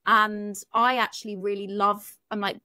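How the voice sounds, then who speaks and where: A woman's voice: mid-range voice, level tone, normal speed, sharp tone, dry recording, studio quality. A British woman, a relationship coach, talking frankly on a podcast and swearing casually. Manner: frank, chatty, swears casually, many fillers. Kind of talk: candid podcast conversation.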